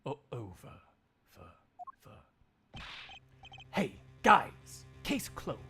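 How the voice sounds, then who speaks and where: A man in a live fan dub voicing a composed, aloof male prosecutor in a measured, soft tone. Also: mid-range voice, huge pitch swings, soft background music, full character voice.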